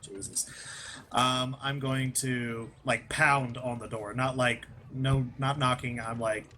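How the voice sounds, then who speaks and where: A man's voice: medium pitch, level tone, takes it slowly, sharp tone, a little hiss or hum. A man playing a tabletop game, speaking wryly and teasing the others. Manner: wry, teasing, in-character asides. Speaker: player. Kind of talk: casual chat at a tabletop game.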